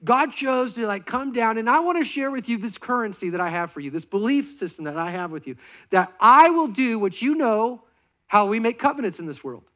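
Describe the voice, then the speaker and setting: A man preaching a sermon from a church stage to a congregation, lively and joking as he directs volunteers. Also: very high-pitched, a little fast. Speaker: pastor.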